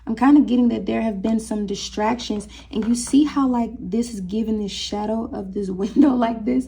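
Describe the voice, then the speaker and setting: Woman tarot reader, dark gravelly tone, chatty and casual. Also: on the high side. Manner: chatty, breaks into singing, talks to cat. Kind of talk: casual tarot reading to viewers.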